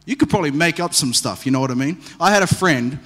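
A man preaches with a high voice and a lively storytelling manner, tossing in humorous asides. His words ring out with a long reverb in a church hall. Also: quick pace. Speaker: pastor. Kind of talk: sermon.

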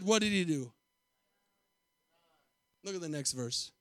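Pastor, man, high voice, dry close sound; emphatic sermon with repetitive call-outs, hushed to loud. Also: lively intonation, takes it slowly, pauses often, no echo.

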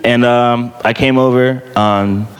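A young man casually sharing his church testimony, animated, full of fillers and acted-out quotes. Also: slow, clear, resonant tone, in a large hall. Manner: animated storytelling, acts out quotes in a high voice, many fillers. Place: church hall.

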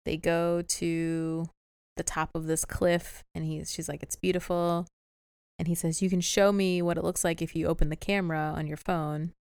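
Giggly woman with a gravelly edge. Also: fairly low pitch, level tone, moderate pace, a little mellow, no room sound, clean studio sound. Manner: giggly, chatty, laughs often. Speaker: podcast co-host. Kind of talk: casual chat recapping a show.

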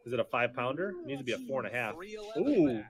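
A man commenting casually and excitedly while watching a fishing weigh-in. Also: mid-range voice, quick pace, crowd noise.

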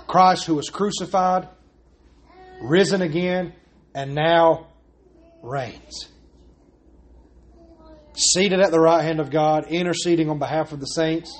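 A man's voice: a little high, steady tone, slow, long pauses. A man preaching a sermon as pastor, pressing his points with repeated rhetorical questions.

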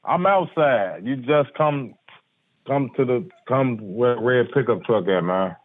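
A man's voice: mid-range voice, animated, takes it slowly, no echo. A man on the receiving end of a prank call, defensive and insistent, swearing as he argues back. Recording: tinny phone line.

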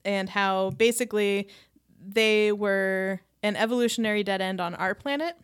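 A woman's voice: mid-range voice, normal speed, smooth. Chatty woman casually recapping a show. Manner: relaxed, chatty, swears casually, laughs often. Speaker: podcast co-host. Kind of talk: casual chat recapping a TV episode.

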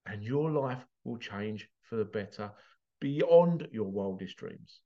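A man's voice: fairly low pitch, animated, slow, warm tone, lo-fi sound. A man giving an emotional motivational talk, passionate and swearing, his voice breaking as he gets teary. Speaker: motivational vlogger.

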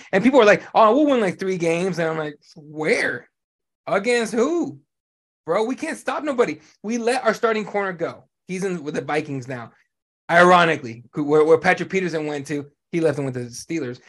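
A male podcast host ranting about sports in loose, casual chat. He talks bluntly and swears freely, with a voice sitting a little higher than most men's. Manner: blunt, profane, animated ranting.

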